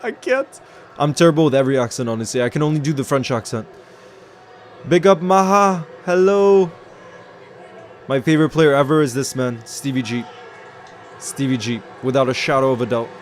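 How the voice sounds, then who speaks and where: A man giving excitable live commentary on a football match while greeting viewers in his chat. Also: mid-range voice, quick pace. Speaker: watchalong streamer.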